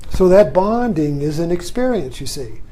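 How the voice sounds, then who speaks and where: A man's voice: on the high side, sing-song, moderate pace, warm tone. An older man giving a rambling, reflective monologue, often adding "you see" as he thinks aloud. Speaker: vlogger. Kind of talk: musing monologue.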